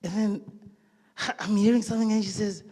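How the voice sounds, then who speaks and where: A man with a South African accent doing live stand-up comedy on stage, telling stories in an animated, exclamatory way. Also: sits high, brisk. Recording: long hall reverb.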